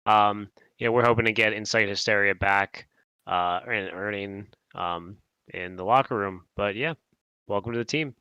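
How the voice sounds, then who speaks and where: Man, team manager, bright tone, smooth clear voice, friendly explaining. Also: on the low side, moderate pace, no echo, low-quality recording. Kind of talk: casual panel talk.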